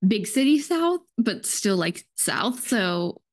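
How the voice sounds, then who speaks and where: A woman's voice: medium pitch, big pitch swings, takes it slowly. An American woman from Texas hosting a podcast, chatting in a bubbly, giggly way and leaning on "like" constantly. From Texas, USA. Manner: bubbly, giggly, heavy use of "like". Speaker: podcast host. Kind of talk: casual podcast chat.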